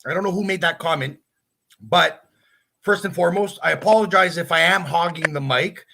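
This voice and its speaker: A man who calls himself outspoken, chatting casually on a live stream in a halting way with many restarts. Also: a little high, gravelly, noisy background. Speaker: regular guest who brings news.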